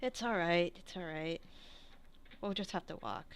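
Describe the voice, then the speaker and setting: A woman voicing a gentle young man companion who speaks in a soft, consoling way. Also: on the low side, a little slow, clear, resonant tone, natural voice.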